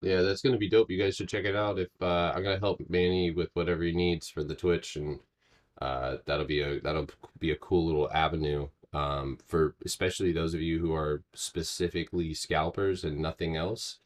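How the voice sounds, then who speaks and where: A man hosting a live stock trading stream, chatting casually and excitably with laughing asides. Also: low-pitched, normal speed.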